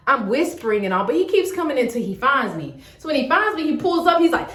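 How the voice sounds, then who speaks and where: A woman tells a story straight to camera in a high, lively voice. She talks in casual slang and acts out every quote. The room around her sounds echoey. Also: fast, few pauses. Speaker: storyteller vlogger.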